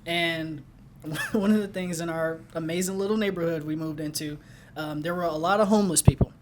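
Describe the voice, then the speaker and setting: An upbeat young man from Ohio chats on a podcast, his voice sitting a little high for a man and breaking easily into laughter. He often restarts his phrases as he tells stories. A faint low rumble hums underneath. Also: fairly even intonation, fairly quick. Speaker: podcast co-host. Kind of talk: casual chat.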